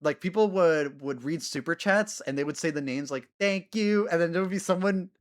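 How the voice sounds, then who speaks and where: A man streaming a game, chatting casually with his viewers in a giggly, animated way. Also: fairly high pitch, fairly quick. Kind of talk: casual gaming stream chat.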